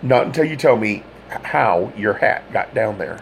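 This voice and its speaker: A man's voice: fairly low pitch, lively intonation, normal speed, gravelly, slight background noise, rough recording. A man narrating an audiobook plays a blunt, insistent male police detective. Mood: cold. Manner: blunt, controlled.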